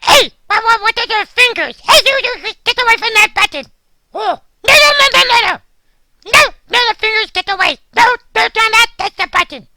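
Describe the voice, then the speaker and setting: A woman voicing an excitable, anxious cartoon guard dog who stammers and repeats words in a panic. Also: extremely high pitch, a little fast, full character voice. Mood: frantic. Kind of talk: children's cartoon voice acting.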